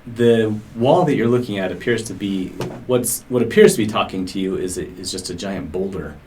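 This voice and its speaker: Guy running a d&d game in a game store, lowish voice, lots of ums, bit of store noise. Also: normal speed, a little mellow. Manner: hesitant, lots of ums and uhs. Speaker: game master. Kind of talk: narrating a tabletop game.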